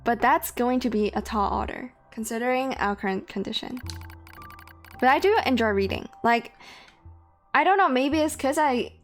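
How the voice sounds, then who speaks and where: A young woman with a somewhat high voice reads a game's story text aloud on a live stream, then breaks off to chat. She talks loosely, full of "like" and restarts, and soft game music plays under her voice. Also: moderate pace. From Hong Kong. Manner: chatty, with frequent fillers and self-corrections. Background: faint game music and keyboard typing.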